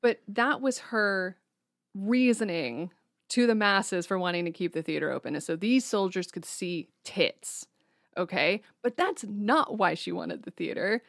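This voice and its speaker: A woman's voice: medium pitch, measured pace, creaky, no room sound, studio quality. A woman co-hosting a podcast in casual chat, retelling a film's plot with jokey asides. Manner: animated storyteller, jokey. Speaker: podcast co-host.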